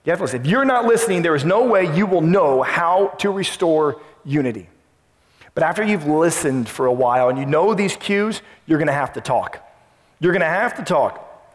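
Emphatic preacher in a reverberant hall. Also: male voice, on the high side, expressive, normal speed. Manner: emphatic, repeats key phrases, drops to a soft voice to make a point. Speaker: pastor. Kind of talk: sermon.

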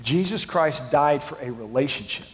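A male pastor preaching a sermon, dropping to a hush and then rising to passionate shouting. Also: medium pitch, expressive, moderate pace. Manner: swings from hushed to impassioned shouting. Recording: long hall reverb.

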